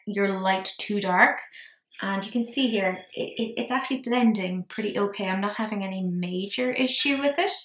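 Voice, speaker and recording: A chatty Irish woman narrates a makeup tutorial, nattering on and poking fun at herself as she works. Her voice sits at an ordinary middle pitch. The sound is roomy, with echo off the walls around her. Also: fairly bright tone. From Ireland. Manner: chatty, rambling, self-deprecating. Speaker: makeup vlogger.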